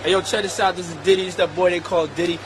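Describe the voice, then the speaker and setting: A man's voice: sits high, steady tone, fast, noisy background. A man giving boastful, preachy motivational talk. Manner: bragging, preachy.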